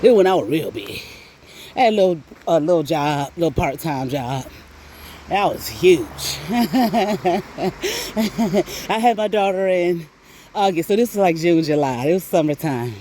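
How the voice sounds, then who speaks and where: A middle-aged woman chatting casually, animated and laughing often, with frequent swearing, while out on a walk. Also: sits low, unhurried, long pauses, a little hiss or hum. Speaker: vlogger. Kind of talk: casual storytelling chat. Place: outdoors on a walk.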